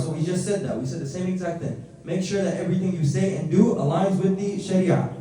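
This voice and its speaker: A man's voice: high-pitched, dark tone. A man teaching a class in a casual, conversational way, often asking his students questions. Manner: conversational, asks the class questions, switches to rapid text reading. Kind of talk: classroom lesson. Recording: echoey room, mic at a distance.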